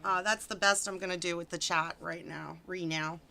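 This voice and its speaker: A woman's voice: fairly low pitch, fairly even intonation, moderate pace, creaky, sharp tone. A woman hosting a casual live stream, giggling often and greeting viewers in the chat by name. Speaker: stream host.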